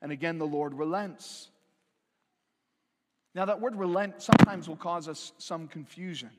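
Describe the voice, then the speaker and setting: A man preaching a sermon as a pastor, talking in a conversational way, often tagging lines with "right?" and slowing down to stress key phrases. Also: on the high side, long reverb tail, heavy background noise.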